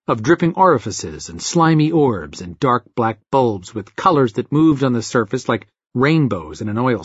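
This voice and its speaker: A man narrating a first-person story in an expressive, wry way, with a husky voice. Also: medium pitch, no echo. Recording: dull dry lo-fi recording.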